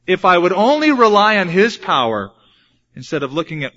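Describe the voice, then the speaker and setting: Animated male preacher on a lo-fi recording. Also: high voice, normal speed. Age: adult with a young son. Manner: dramatic, acts out quoted voices. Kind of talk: sermon. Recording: dull lo-fi recording.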